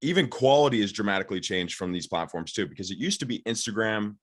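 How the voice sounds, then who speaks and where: A man's voice: fairly low pitch, animated. A young man, a social media expert, explaining his ideas eagerly in a casual interview over a call, with many fillers. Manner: eager, fast, filler-heavy.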